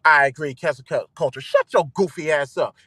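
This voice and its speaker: A man hosting his own show, ranting loudly with swearing and repeating himself for emphasis. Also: a little high, a little fast, dry recording. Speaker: host. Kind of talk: ranting live commentary.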